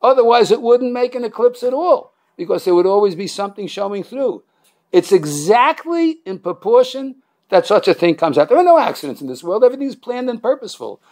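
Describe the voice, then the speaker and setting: High, gravelly-voiced joking rabbi. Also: male voice, brisk. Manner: joking, animated, many restarts and fillers. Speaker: rabbi teaching a class. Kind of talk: Torah class lecture with humor.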